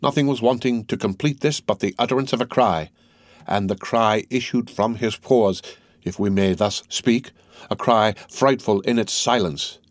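A man narrating a classic novel in a steady, unhurried reading. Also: lowish voice, no room sound. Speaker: audiobook narrator.

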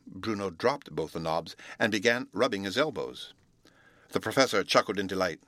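A man reading a storybook aloud, narrating in a steady, even way between the voiced lines. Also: low voice, moderate pace, no echo. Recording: dry close recording.

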